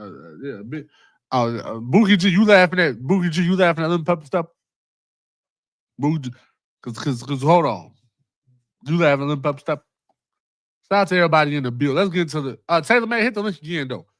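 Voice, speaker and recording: Rambling livestream host, slangy and profane, slightly high, dry. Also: male voice, fairly bright tone, no room sound. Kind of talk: casual livestream talk.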